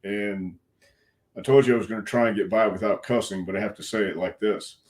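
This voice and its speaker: Older man, low voice, frank folksy storyteller, frog in his throat. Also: fairly even intonation, a little fast, darkish tone. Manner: frank, folksy, earnest, with some cussing. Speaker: wrestling coach, interview guest. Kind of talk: casual storytelling interview.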